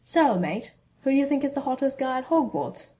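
A woman's voice: high voice, big pitch swings, fairly quick, warm tone, a little hiss or hum, voice pushed up. A woman voicing a scheming, cheeky teenage boy wizard in a storybook reading, with a brash, teasing manner.

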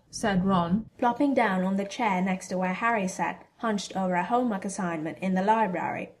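Female narrator for a storybook reading; steady, even delivery. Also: medium pitch, moderate pace, hardly any pauses. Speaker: reader. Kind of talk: storybook fan fiction reading.

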